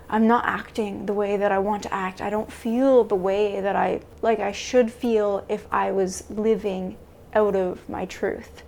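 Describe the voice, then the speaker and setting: A woman vlogging a confessional self-talk monologue to camera, halting and searching for words with many restarts. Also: medium pitch, gravelly, darkish tone, slight background noise. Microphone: camera mic.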